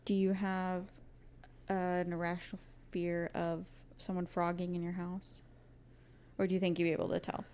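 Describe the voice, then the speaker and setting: A woman's voice: on the low side, monotone, moderate pace, darkish tone, clean tone. Breezy, emphatic woman podcaster. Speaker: podcast co-host. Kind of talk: casual chat.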